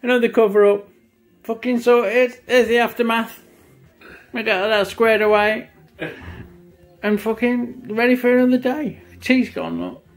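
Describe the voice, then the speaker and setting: This motorcycle builder and tattooist in his fifties has a very high, very animated voice and talks a little slowly, with faint music in the background. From his workshop he gives casual, blunt remarks on his work, cursing without restraint.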